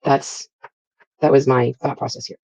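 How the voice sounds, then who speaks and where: A woman's voice: extremely low pitch, steady tone, unhurried, vocal fry, darkish tone, no echo, dull audio. A woman vlogger chatting casually as she walks through a crafting project step by step, with frequent fillers.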